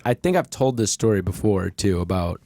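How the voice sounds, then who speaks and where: A low-pitched man with a gravelly, fry-heavy voice hosts a casual podcast, rambling through a story with plenty of fillers and frank swearing. He sounds dry and close to the mic, with no room around him. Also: expressive, brisk, dark tone, no room sound. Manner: rambling, candid, swears freely, many fillers. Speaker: podcast host.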